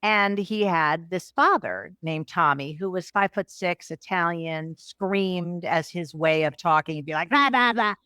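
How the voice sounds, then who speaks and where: Middle-aged woman, coach guest, animated storyteller, lower voice, dry close sound. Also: a little slow, hardly any pauses, smooth, no echo. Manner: animated, acts out quotes with raised pitch. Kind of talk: storytelling in a podcast interview.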